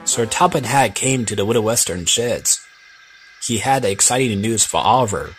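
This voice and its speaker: A man reading a children's story as narrator, lively and slipping into a voice for each character. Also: on the low side, normal speed. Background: background music.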